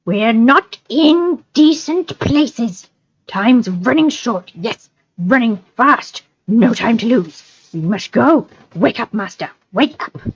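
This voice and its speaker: A woman's voice: a little high, animated, slow, breathy edge, pitched above the performer's own voice, full character voice. A woman on a livestream voicing a frantic, hissing male creature who repeats himself urgently, over lo-fi audio.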